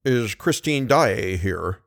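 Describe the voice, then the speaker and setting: A man reading an audiobook, voicing a skeptical police commissary with a measured, ironic, solemn manner. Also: lowish voice, animated, creaky, fairly bright tone, no room sound, clean studio sound, exaggerated voice.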